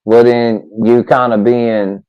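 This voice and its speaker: A man in a casual discussion, halting and restarting as he slowly builds his point. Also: mid-range voice, little pitch movement, smooth, dull audio. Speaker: co-host.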